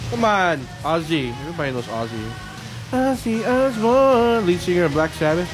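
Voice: mid-range voice, very animated, normal speed, over music, rough recording. A local show host chatting casually and reading Halloween poems aloud in a rambling, sing-song way.

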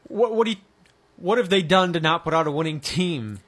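A man's voice: a little high, animated, brisk, a bit bright. A man hosting a sports radio show, patient and dry, steering the banter back on topic.

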